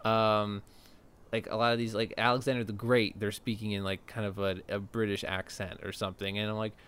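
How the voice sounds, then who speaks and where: A man's voice: on the low side, flat delivery, a little fast, a bit bright, smooth. Man musing casually about a film. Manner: musing, thinks aloud with fillers. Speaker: podcast co-host.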